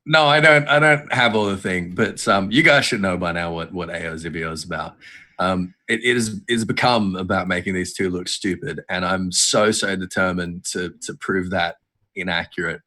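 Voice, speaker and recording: A man's voice: sits low, moderate pace, pushed and bright. A man hosting a quiz segment on a podcast, talking casually, rambling and restarting his words, with the odd swear. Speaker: quiz host.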